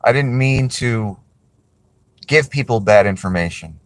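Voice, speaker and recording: A man's voice: mid-range voice, expressive, a little slow, no echo. A man casually talking to camera, rambling and apologetic as he corrects himself. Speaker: video creator.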